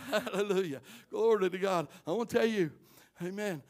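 A middle-aged pastor preaches with fervor. His voice sits high for a man, and he swings between soaring, impassioned cries and hushed, quiet asides. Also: moderate pace. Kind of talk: fervent preaching sermon.

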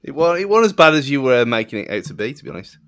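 A man's voice: mid-range voice, big pitch swings, fast, a bit bright. A man on a casual podcast who chips in with dry, teasing asides. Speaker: podcast co-host.

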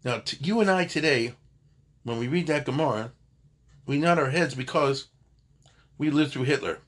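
A man's voice: a little high, moderate pace, a bit bright. An older man teaching an informal Talmud class, digressive and conversational, often stopping to correct himself. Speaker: Torah teacher.

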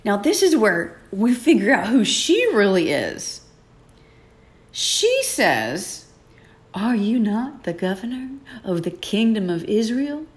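A woman's voice: medium pitch, big pitch swings, slow pace. A woman hosting a podcast, retelling a Bible story in a playful, dramatic way, acting out the characters and laughing often. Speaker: podcast host.

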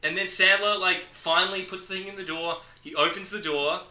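A man co-hosting a podcast, excitedly retelling movie scenes and acting out the characters' lines in casual talk. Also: high-pitched, brisk. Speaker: podcast co-host. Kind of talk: casual film discussion. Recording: echoey room.

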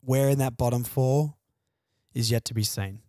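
A man's voice: mid-range voice, fairly even intonation, moderate pace, darkish tone, no echo, studio quality. A man hosting a fan podcast alone, venting frustrated, sardonic opinions about his team's loss. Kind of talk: solo sports podcast rant.

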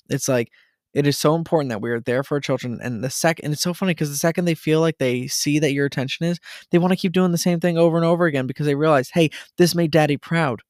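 Man, 30s, podcast host, earnest, gravelly, dry close sound. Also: fairly high pitch, dry recording. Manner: earnest, repeats words when excited. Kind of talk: casual solo talk to listeners.

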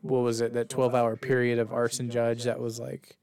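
A man with a smooth, clear voice vents about a run of bad sports news. He talks casually and swears as he complains. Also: mid-range voice, completely flat delivery, a little fast, a little mellow. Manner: frustrated venting, swears.

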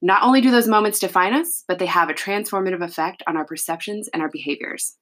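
Lower-voiced woman podcast co-host. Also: fast, fairly bright tone. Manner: retells stories casually, many "like" fillers. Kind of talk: casual podcast chat.

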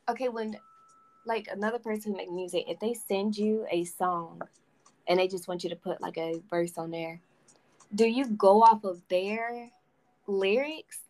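A woman hosting a casual interview, asking curious questions in a relaxed way. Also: medium pitch, poor audio. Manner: curious, casual, full of fillers. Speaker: podcast host.

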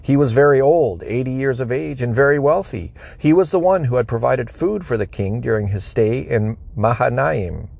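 A man reads scripture aloud in a measured, expressive way. His voice has a gravelly edge, sitting at an ordinary pitch for a man. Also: no room sound. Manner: measured, expressive reading, voicing the quoted speakers. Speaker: Bible reader. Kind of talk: scripture reading.

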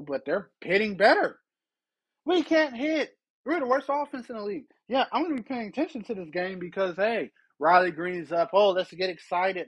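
A man's voice: sits high, slightly rough, dull audio. Exasperated man ranting about sports. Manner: exasperated ranting, rhetorical questions. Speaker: podcast host. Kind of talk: solo sports rant.

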